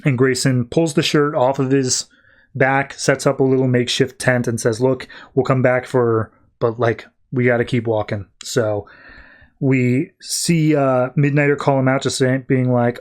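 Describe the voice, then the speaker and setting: A man hosting a comics podcast, casually retelling a comic book issue and reading out the characters' lines in a low-key voice. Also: level tone, moderate pace.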